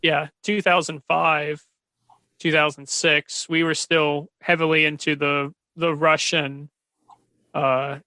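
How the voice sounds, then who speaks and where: A male veteran co-host speaks in a bright, crisp voice that stays nearly monotone. His delivery is matter-of-fact in a relaxed podcast chat, and the sound is dry and close. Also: fairly high pitch, slow pace, no echo. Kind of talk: casual discussion.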